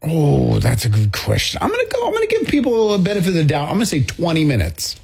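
A man co-hosting a talk radio show, chatting casually with playful, quick reactions. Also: on the high side, wildly swooping pitch, creaky, darkish tone, breathy edge. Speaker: radio co-host.

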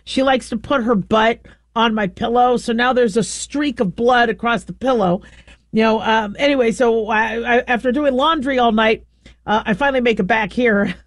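A middle-aged woman host telling a long, rambling story in a casual, animated way, often stopping to correct herself. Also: on the high side, moderate pace, no room sound. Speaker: show host.

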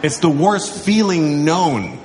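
A male stand-up comedian with a rambling delivery that breaks into bursts of rapid talk. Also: a little high. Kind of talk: stand-up routine. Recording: reverberant noisy club recording.

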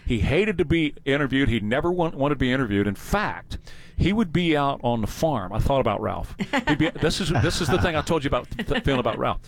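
A man hosting a talk show, telling stories in a casual, animated way. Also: mid-range voice, a little fast, dry recording. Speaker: radio show host.

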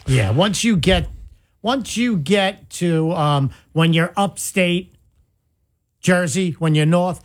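A man who is a stand-up comedian, guesting on a radio show and making wisecracks. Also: high-pitched. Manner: wisecracking, drawn-out delivery. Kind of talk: casual comedic radio banter. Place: radio studio.

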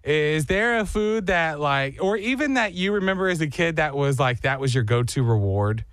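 A man hosting a morning radio show, telling stories in a lively way and acting out the voices of people he quotes. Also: a little high, moderate pace, no echo. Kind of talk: casual morning show chat.

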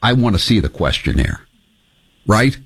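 A man's voice: fairly low pitch, big pitch swings, normal speed, creaky, husky, no room sound. A man hosting a talk radio show, making wry, incredulous and sarcastic asides. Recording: muffled radio broadcast audio.

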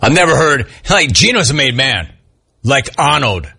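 Man, sports radio host, husky bright voice, big swinging pitch, animated talk. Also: moderate pace. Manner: animated, swooping pitch, mocking impressions.

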